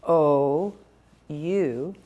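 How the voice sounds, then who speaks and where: A woman's voice: sits low, dull audio. A woman teaching reading and spelling, coaching a student patiently. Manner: slow, calm, coaching. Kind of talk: patient phonics instruction.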